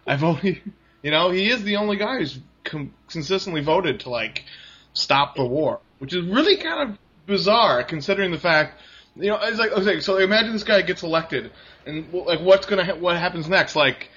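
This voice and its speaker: A man's voice: a little high, animated, moderate pace, a bit bright, slightly rough. A man chatting casually about politics, rambling, laughing often and mimicking other people's voices. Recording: dull lo-fi recording.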